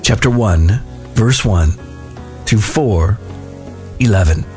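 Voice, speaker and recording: Solemn low-voiced man reading scripture. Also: expressive, takes it slowly, darkish tone, faint music behind. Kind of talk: devotional Bible reading.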